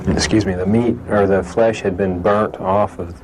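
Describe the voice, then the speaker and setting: A man's voice: low voice, steady tone, moderate pace, background noise. A man giving an eyewitness account in an interview, hesitant and full of fillers. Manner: hesitant, many fillers and restarts.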